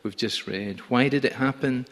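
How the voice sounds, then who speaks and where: A man preaching a sermon in a church, in a chatty, gently humorous storytelling manner. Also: mid-range voice, moderate pace, big-room sound.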